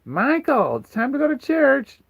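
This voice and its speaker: A man voicing a shrill, nagging, churchgoing middle-aged single mother calling her son. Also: very animated, a little slow, gravelly, dry recording, highs cut off, full character voice. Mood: shrieking. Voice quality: shrill, screaming.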